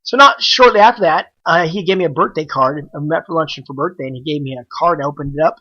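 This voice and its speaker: Appearing as a podcast guest, a trader tells how he got started, casual and animated, acting out the dialogue he quotes. His voice sits on the high side and he talks fast; the highs are cut off.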